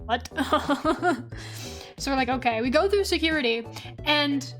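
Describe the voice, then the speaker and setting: A woman's voice: high-pitched, slow pace, faint music behind. A woman streamer chatting casually while she draws, telling a story with frequent laughter and plenty of swearing. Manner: animated, laughs often, swears freely.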